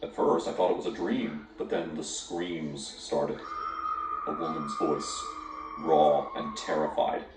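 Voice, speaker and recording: A man's voice: rumbling low, flat delivery, slow pace. A man narrating a scripted horror story, dramatic and lingering on grim details. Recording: echoey, distant, with music behind.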